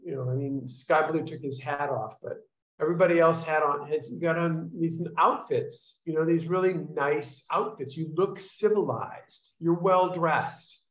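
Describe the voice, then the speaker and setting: A man speaking with a slightly high voice on a video call, heard in an echoey room. He rambles through explanations, restarting sentences and acting out little sounds to make his points. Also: a little slow, fairly bright tone. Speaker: workshop leader. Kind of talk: casual teaching to an online group.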